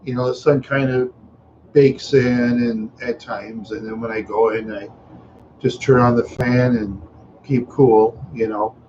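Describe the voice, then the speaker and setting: A man's voice: medium pitch, fairly even intonation, measured pace, lo-fi sound, background noise. A tired, yawning man hosting a casual livestream chat, rambling along with many fillers and trailing asides. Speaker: livestream host.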